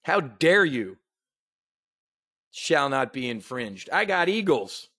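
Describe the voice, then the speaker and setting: A man's voice: medium pitch, big pitch swings, slow pace, pushed and bright, no room sound, clean studio sound, heavily acted. A man doing a sneering mock impression of a blustering old male politician.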